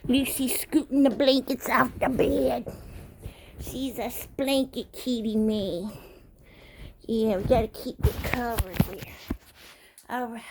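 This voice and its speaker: A woman vlogger chatting playfully to her pets and toys, calling each by name in simple, gentle sentences. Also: on the high side, noisy background.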